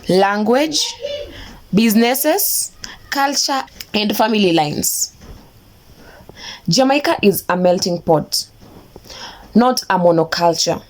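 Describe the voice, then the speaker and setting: A woman giving a scripted explainer narration in a measured, emphatic, declarative way. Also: medium pitch.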